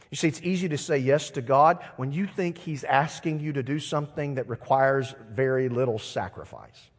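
A middle-aged man preaching a sermon, moving between quiet, conversational asides and emphatic declarations. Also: mid-range voice, normal speed, hardly any pauses, long reverb tail. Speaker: pastor.

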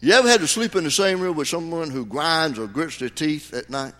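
A bright, fairly high-voiced man preaching a sermon, folksy and conversational, then building to sudden emphatic peaks. His voice carries a long reverb, as in a large church sanctuary. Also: a little fast. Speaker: pastor.

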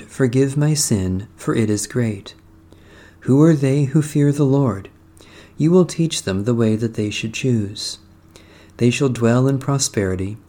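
A man reading psalms, prayers and a gospel passage in a measured, solemn, devotional cadence. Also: medium pitch, warm tone. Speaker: prayer reader. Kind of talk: liturgical reading of psalms and scripture.

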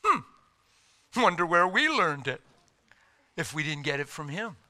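A male preacher giving a sermon, telling stories in an animated, humorous way. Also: on the high side, unhurried.

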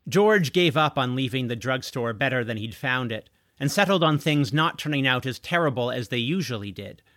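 A man reading a story aloud as narrator, expressive, on a close mic. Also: medium pitch, moderate pace, no room sound. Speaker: audiobook narrator.

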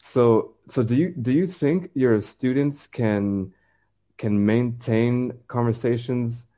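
A man, an English teacher, talking in a relaxed, measured way in a casual podcast conversation. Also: mid-range voice.

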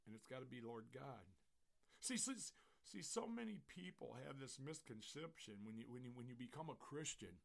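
A man's voice: mid-range voice, big pitch swings, moderate pace, vocal fry. A man who is a pastor, telling a story and then preaching a fervent sermon. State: tearful.

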